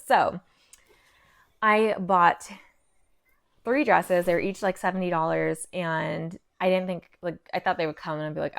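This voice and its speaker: A woman's voice: low-pitched, creaky. A young woman chatting casually through a thrift haul, full of "like" fillers and a little out of breath. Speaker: fashion vlogger.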